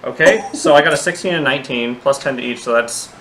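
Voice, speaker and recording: A man's voice: mid-range voice, fast talker, fairly bright tone, a little hiss or hum, rough recording. A man playing a tabletop game, who talks in a casual, rambling, joking way. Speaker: player.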